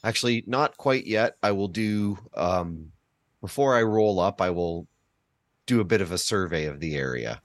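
Low-voiced man playing a tabletop game. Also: normal speed, no echo, studio quality. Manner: relaxed, thinking aloud. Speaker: player.

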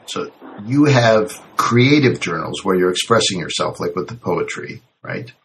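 A man's voice: sits low, expressive, measured pace, gravelly, a bit bright, a little hiss or hum. A man hosting an interview, a health practitioner who sums up points in a reflective way. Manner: summarizing, reflective. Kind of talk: interview talk.

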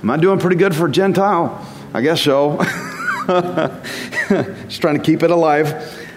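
A man's voice: a little high, wildly swooping pitch, a little slow, noisy background. Man teaching in a reverberant hall. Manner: conversational, self-deprecating, chuckles often. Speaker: Bible teacher. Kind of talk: casual sermon. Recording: long reverb.

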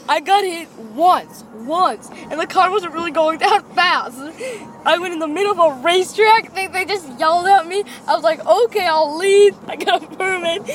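Very high-pitched silly skit voice. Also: female voice, fairly bright tone. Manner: silly, rambling, giggly. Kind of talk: improvised comedy skit.

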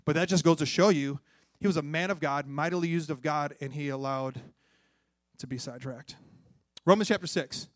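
A man, a pastor preaching a sermon with call-and-response, moving between loud exhortation and hushed tones. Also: on the high side, moderate pace, dry recording, clean studio sound. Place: church.

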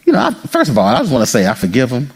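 A male pastor preaching an animated sermon, joking with the congregation and acting out people's inner voices. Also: mid-range voice, very fast, slightly rough. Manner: jokes and teases the congregation.

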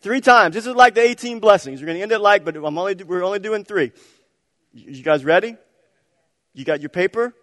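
A man preaching a sermon as pastor, moving between quiet prayerful reading and loud calls for the congregation to answer back. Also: high-pitched, expressive, brisk, studio quality. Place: church sanctuary. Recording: long reverb of a large hall.

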